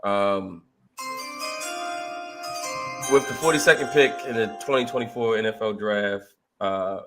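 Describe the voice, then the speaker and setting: A man's voice: lowish voice, measured pace, music in the background. A man picking teams in a casual mock draft chat, loose and jokey, sometimes stumbling over names.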